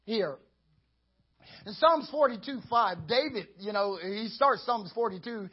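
A man preaching a lively sermon as pastor, chuckling and acting out how he talks to himself. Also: sits high, unhurried, husky, highs cut off.

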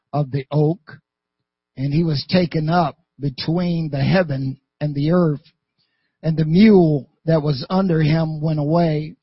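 A man reading scripture aloud in a measured, deliberate way. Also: a little high, slightly rough, no room sound, lo-fi sound. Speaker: scripture reader.

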